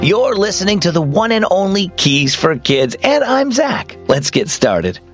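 A man hosting a children's devotional program, narrating a scripted story in an upbeat, expressive way. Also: sits high, a little slow, faint music behind.

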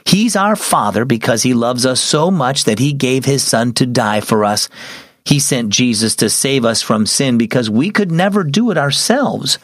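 A man voicing a tired but gentle middle-aged father who speaks calmly and reassuringly in a children's audio story. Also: mid-range voice, normal speed, no room sound, studio quality, close to an everyday voice.

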